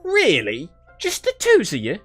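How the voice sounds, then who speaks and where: A man's voice: high voice, wildly swooping pitch, unhurried, a bit bright, faint music behind, pitched above the performer's own voice, heavily acted. A man voicing a sweet, chatty old country grandmother with a West Country accent, fussing and motherly. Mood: cheery fussing. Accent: West Country English. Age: older. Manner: chatty, fussing, sing-song.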